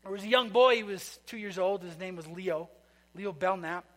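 Preacher, male, high and bright voice, chatty storyteller who quizzes the congregation. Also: normal speed. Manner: conversational storytelling, asks the congregation questions. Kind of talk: sermon. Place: church sanctuary. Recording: long reverb of a large hall.

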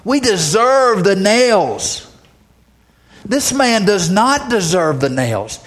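A man's voice: sits high, big pitch swings, takes it slowly, a bit bright, voice pushed up, exaggerated voice. A male preacher voicing a repentant criminal who speaks urgently and pleads. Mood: pleading.

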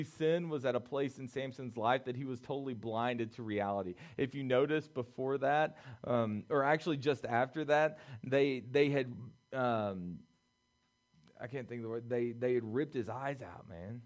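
A young man preaching a youth sermon, swinging between loud pleading and quiet, low talk. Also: moderate pace. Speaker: youth pastor.

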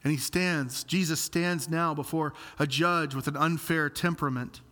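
A man preaches in a lively, explanatory style, reading and unpacking scripture for his congregation. His voice is bright and forceful, sitting a little high for a man. The sound rings with the long reverb of a large hall. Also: normal speed. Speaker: pastor. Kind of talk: expository sermon.

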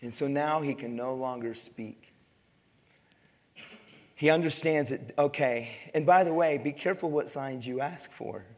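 A man's voice: medium pitch, a little slow, in a large hall. A man preaching a sermon as a pastor, his voice rising and falling for emphasis as he acts out scripture figures.

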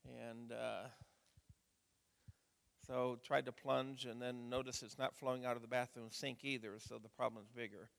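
A middle-aged man preaching as a pastor, chatting in a folksy way before reading scripture in a measured voice. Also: mid-range voice, level tone, vocal fry, fairly bright tone. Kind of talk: sermon. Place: church sanctuary. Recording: church hall reverb.

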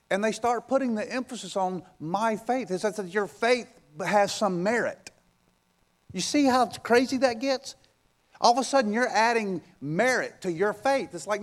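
An unhurried male preacher delivers a sermon with emphasis and repetition, posing rhetorical questions and going from loud sections to quiet ones. His voice sits high and swings widely in pitch.

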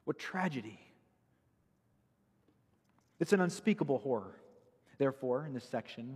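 A man's voice: medium pitch, lively intonation, normal speed, long pauses, husky, in a large hall. A man preaching a sermon, earnest and emphatic, citing Bible verses as he explains them. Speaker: pastor.

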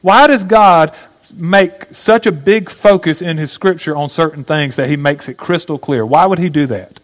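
A man's voice: on the high side, normal speed, poor audio. A man preaching a sermon, teaching step by step and asking his listeners questions. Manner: teaching, asks the audience questions. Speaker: pastor.

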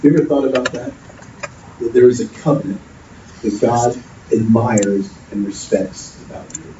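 A man's voice: mid-range voice, normal speed. A man preaching a sermon, earnest and storytelling, often repeating himself. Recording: distant, dull, noisy echoey hall.

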